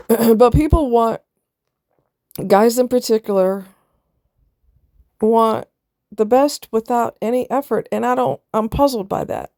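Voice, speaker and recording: Blunt woman lecturing in a mellow voice. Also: on the high side, slow pace, pauses often, no echo, clean studio sound. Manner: blunt, preachy, rhetorical questions. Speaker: vlogger. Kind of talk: casual commentary.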